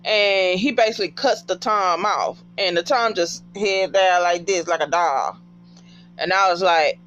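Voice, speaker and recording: Animated profane woman recapping a show. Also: lowish voice, a little slow, dull audio, faint music behind. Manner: animated, profane, talks back to the characters. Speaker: TV episode recapper. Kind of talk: casual TV recap.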